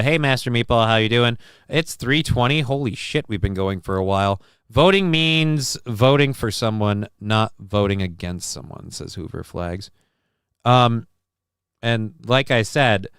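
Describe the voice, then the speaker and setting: A gravelly, medium-pitched man with a fairly bright, clear, resonant tone reads chat messages on his casual live stream. His answers are defensive and rambling, peppered with casual swearing and occasional voice cracks, captured in a dry, clean studio recording.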